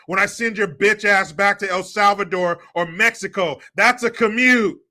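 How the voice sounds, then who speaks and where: Male stream host for a sarcastic live rant; high voice, heavy mockery, swears freely. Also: steady tone, normal speed, pushed and bright. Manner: sarcastic, mocking, profane ranting. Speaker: livestream commentary host.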